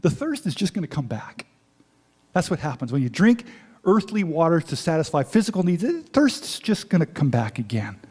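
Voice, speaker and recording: A man preaching a sermon, retelling a story in lively, paraphrased dialogue with frequent asides. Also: a little high, normal speed, husky. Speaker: pastor.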